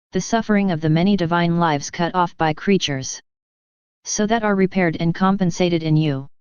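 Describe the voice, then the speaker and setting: A woman reading the words of Jesus, a gentle and earnest divine man, in a solemn, measured devotional book reading. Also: on the low side, clean tone, no room sound, dull audio, natural voice.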